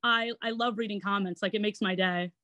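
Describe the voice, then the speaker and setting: The recording is lo-fi with no room sound: a twentysomething woman from Long Island, New York, mid-range in voice and brisk in delivery, guests on a casual interview. An actor and online entertainer with a Long Island accent, she chats and giggles while animatedly recounting her story.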